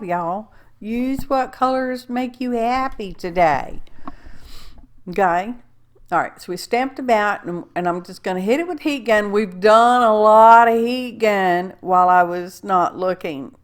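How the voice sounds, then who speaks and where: Chatty woman crafter. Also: mid-range voice. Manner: chatty, folksy and rambling, often asking "okay?". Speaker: card-making crafter. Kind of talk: casual craft tutorial.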